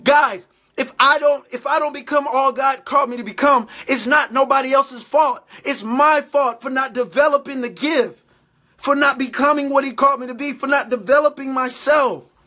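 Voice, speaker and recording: This male faith vlogger has a very high-pitched voice, pushed and bright, at a moderate pace. He gives motivational faith talk to the camera, exhorting, repeating points, and often checking in with "all right?".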